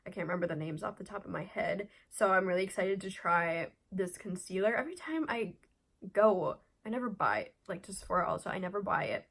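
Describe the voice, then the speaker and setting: A woman's voice: mid-range voice, a little fast, gravelly, fairly bright tone, husky. Young woman rambling in a beauty vlog, blunt and chatty, lots of likes and ums. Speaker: beauty vlogger. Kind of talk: casual opinion vlog.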